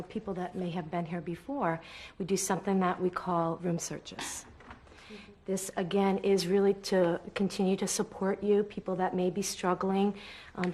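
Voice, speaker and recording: A woman on a clinic staff giving brisk, practical instructions. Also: fairly low pitch, dark tone, slight background noise. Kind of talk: briefing staff and patients.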